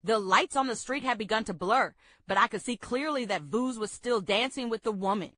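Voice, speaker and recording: Woman, steady memoir reading, bright tone, dry close sound, slightly high voice. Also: brisk, no room sound. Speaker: book club reader.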